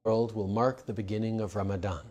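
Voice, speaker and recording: A man delivering a measured, earnest formal holiday address as a politician. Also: lowish voice, fairly even intonation, darkish tone.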